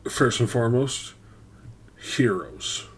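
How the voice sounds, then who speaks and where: A man's voice: medium pitch, slow, background noise. A man playing a tabletop game as a ship captain, upbeat and enthusiastic. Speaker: player.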